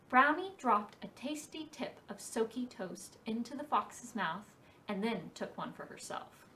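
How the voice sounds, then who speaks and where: A woman reading a picture book aloud at a library storytime for preschoolers, in a slow and expressive storybook cadence. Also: a little high, far from the mic, background noise.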